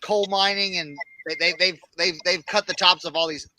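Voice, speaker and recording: A man chatting excitably on a panel of resellers, restarting and repeating words often. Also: high-pitched, normal speed. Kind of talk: casual group chat.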